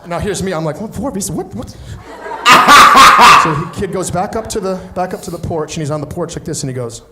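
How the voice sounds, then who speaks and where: A man's voice: a little high, fast talker, very noisy. A man doing stand-up, telling a story with energy and acting out the other people in it. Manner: animated, acts out other people's voices. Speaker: stand-up comedian.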